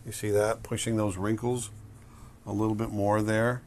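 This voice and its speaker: A middle-aged man narrating a drawing tutorial, relaxed and thinking aloud as he sketches. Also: fairly low pitch, moderate pace, a little hiss or hum. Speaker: drawing instructor.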